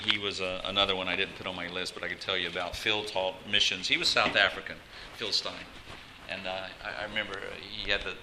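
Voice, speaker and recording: A man's voice: deep voice, noisy background. A pastor preaching a conversational sermon, often asking the congregation questions and restarting his phrases.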